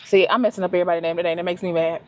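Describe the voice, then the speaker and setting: A woman's voice: fairly low pitch, fairly even intonation, racing. A woman, talking to herself on a casual, emotional solo travel vlog from her car. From Louisiana, US. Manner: chatty, emotional, talks to herself. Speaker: vlogger. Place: in a car and a restaurant.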